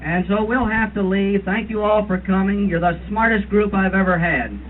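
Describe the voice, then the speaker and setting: Here the same roast impression of a persnickety older birding guide comes in a high voice at normal speed, close to how he'd talk every day. He still lectures in a mock-authoritative tone and imitates bird calls. It sounds like hissy, tinny lo-fi tape from the 1970s.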